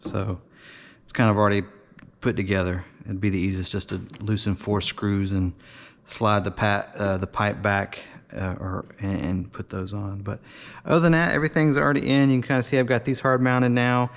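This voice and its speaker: Low gravelly man rambling through a build. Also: level tone, normal speed. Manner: rambling, lots of uh and um, restarts. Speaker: hobbyist building a model. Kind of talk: casual workshop show-and-tell.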